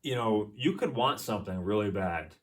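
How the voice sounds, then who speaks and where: Easygoing young man, relaxed podcast co-host. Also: on the low side, moderate pace, recorded from a distance. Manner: easygoing, lots of agreeing fillers. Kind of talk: casual chat.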